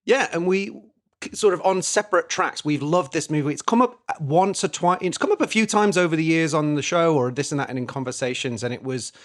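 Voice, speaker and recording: Halting chatty podcast co-host. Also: male voice, a little high, expressive. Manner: halting, many fillers and restarts, laughs often. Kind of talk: casual chat.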